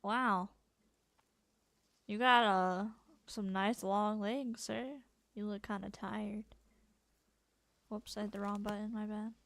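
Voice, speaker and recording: A woman's voice: mid-range voice, fairly even intonation, slow pace, pauses often, a bit bright, no room sound. A young woman streaming a video game, talking casually, swearing freely and laughing often. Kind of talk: casual gameplay commentary.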